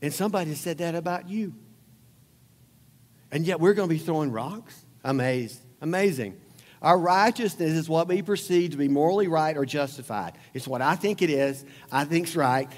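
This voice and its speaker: A man preaching a sermon, talking conversationally with rhetorical questions and repeated lines for emphasis. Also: fairly high pitch. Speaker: pastor. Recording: long hall reverb.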